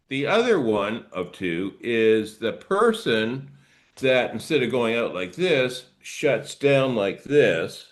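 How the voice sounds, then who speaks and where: Man, middle-aged, trauma therapist, guided movement lesson, slow gentle delivery, mid-range voice. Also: medium pitch, very animated. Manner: slow, gentle, explanatory, acts out reactions.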